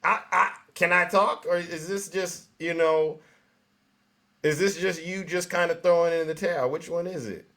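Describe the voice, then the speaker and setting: Male call-in host, high bright voice, calm and placating. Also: moderate pace. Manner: calm, soothing, repeats names to get attention. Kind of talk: live call-in show hosting.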